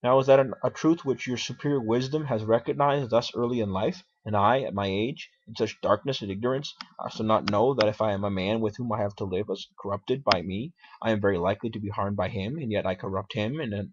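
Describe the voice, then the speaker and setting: A man's voice: fairly low pitch, brisk, few pauses, natural voice. A man reading as a defiant old philosopher on trial. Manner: argumentative, questioning. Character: aged male philosopher defending himself in court. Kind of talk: dramatic reading. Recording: dull lo-fi recording.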